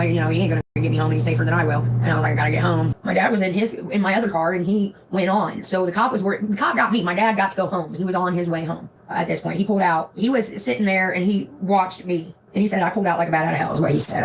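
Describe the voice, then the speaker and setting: Woman, fast, lowish voice, casual profane storytelling, rambling live-stream chat. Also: rough recording. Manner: profane, rambling, animated retelling.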